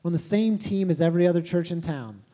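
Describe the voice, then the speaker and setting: A man's voice: on the high side, fast talker, dark tone. A man giving a sermon as pastor, in a casual, conversational and self-deprecating way.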